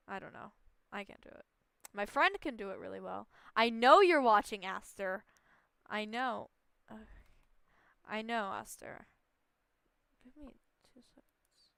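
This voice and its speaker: A woman's voice: medium pitch, lively intonation, a little slow, creaky, pauses often, fairly bright tone, clear, resonant tone, no echo. Giggly streamer woman playing a game. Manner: giggly, chatty, self-deprecating. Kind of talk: casual let's play commentary.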